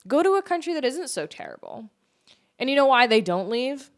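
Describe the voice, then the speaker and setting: A woman's voice: high voice, very animated, fairly quick. A woman from the United States hosting a podcast, delivering an opinionated political monologue in an emphatic, argumentative way, full of rhetorical questions. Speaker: podcast host.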